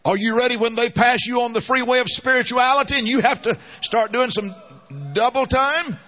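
A man's voice: very high voice, steady tone, normal speed, sharp tone. A man preaching a sermon with an emphatic, fervent delivery. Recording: dull lo-fi sound with long hall reverb.

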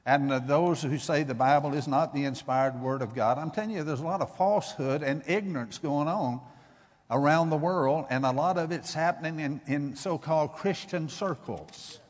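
Man preaching in a reverberant church hall. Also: a little high. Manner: builds from measured teaching to loud emphatic exhortation. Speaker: guest preacher. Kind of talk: sermon.

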